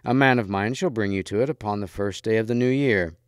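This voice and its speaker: A man reading the part of a jovial lord of a castle, who speaks heartily and a little louder. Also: on the low side, fast, clear, resonant tone, no echo, studio quality, lightly acted. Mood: hearty. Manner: hearty, boisterous, a bit louder.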